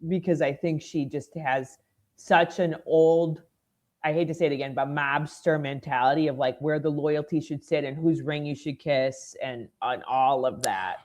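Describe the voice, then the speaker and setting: A woman's voice: low-pitched, fairly even intonation, normal speed, a little mellow. A woman who is a guest on a podcast, chatting casually in a rambling, thoughtful way. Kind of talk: casual chat.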